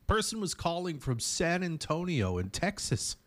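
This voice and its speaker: A man hosting a morning radio show, telling stories in a casual, animated way and slipping into put-on voices. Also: a little high, moderate pace, no room sound. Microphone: studio microphone.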